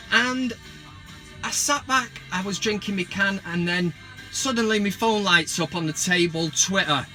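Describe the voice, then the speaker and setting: A man, ranting about football in a sarcastic, sweary, comic way. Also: high voice. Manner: sweary, sarcastic, bursts of mock excitement. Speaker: football vlogger. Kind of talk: casual comic rant.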